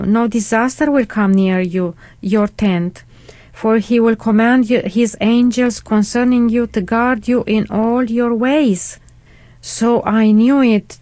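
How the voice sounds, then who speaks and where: A middle-aged woman sharing a faith testimony at an unhurried pace, her voice sitting a little high. She speaks earnestly and devoutly, restarting phrases as she goes, and the sound is dry and close. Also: a little mellow, no echo. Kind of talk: personal faith testimony on radio.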